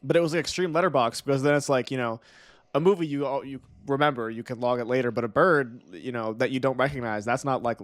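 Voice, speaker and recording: A man's voice: mid-range voice, fast, no echo. A young man co-hosting a podcast, talking casually and rambling, stuffing his sentences with fillers. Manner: rambling, filler-heavy, many "like"s. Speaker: podcast co-host. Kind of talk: casual chat.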